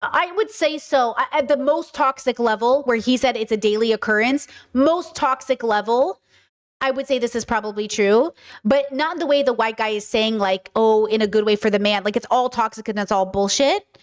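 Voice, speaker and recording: A blunt woman streamer with a slightly high voice gives casual, opinionated commentary. She talks emphatically and keeps repeating her point until it lands. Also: moderate pace. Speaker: streamer and host.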